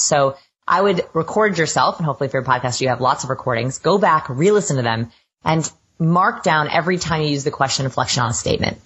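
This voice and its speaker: Low-voiced woman, guest on a podcast. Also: a bit bright, husky, highs cut off. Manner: enthusiastic, self-described science geek. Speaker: guest expert. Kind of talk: podcast interview.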